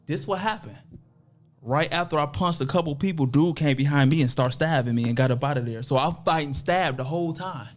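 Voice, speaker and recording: Guy from toledo spinning a wild story on a podcast, kinda high voice, cussing, doing everybody's voices. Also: a little fast. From Toledo, Ohio. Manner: animated, acts out other people's voices in quotes; profane street slang. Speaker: podcast guest. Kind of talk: casual storytelling.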